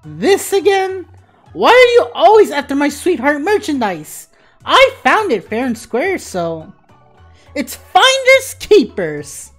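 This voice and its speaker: A woman voicing a whiny, possessive girl collector who is easily angered, with a petulant, shrill way of talking. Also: huge pitch swings, slow, faint music behind, exaggerated voice. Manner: petulant and shrill, shouting demands.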